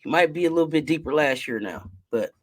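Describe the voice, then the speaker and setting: A man with a high, light voice hosts a relaxed sports talk. His stays easygoing as he throws questions at his guests. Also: fast. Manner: laid-back, asks guests questions. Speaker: host. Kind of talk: casual sports chat.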